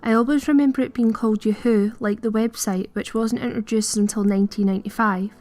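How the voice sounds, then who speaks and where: A woman's voice: a little high, fairly even intonation, a little fast, a little mellow. A woman, reading scripted narration in an earnest, puzzled way. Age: early 20s. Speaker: video creator.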